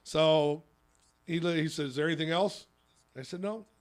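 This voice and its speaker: Rambling storyteller, a man with a higher voice. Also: normal speed. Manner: rambling storyteller with many restarts. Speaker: radio show host and youth softball coach. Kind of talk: casual radio chat.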